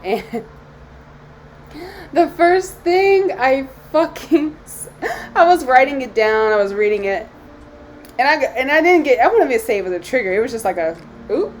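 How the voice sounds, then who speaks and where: A woman's voice: lowish voice, slight background noise, rough recording. A young woman, a psychic medium, talking candidly to her phone camera, emotional and close to tears, swearing freely. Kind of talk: emotional self-talk vlog.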